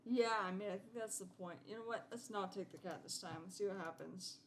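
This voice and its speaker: A woman playing through a game, reading its text aloud and reacting to it in an animated way. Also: medium pitch, fairly quick, slight background noise. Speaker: gameplay streamer.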